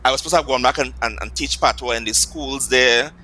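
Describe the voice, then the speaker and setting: A man's voice: medium pitch, fast, sharp tone, low-quality recording. A man with a Trinidadian accent, a Patois teacher, patiently explaining the language with examples in an interview.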